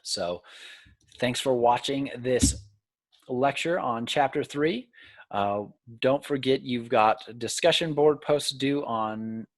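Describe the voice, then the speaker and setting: Relaxed man giving a video lecture. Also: mid-range voice, slow, no room sound. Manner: casual, self-deprecating, with filler ums. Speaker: college instructor.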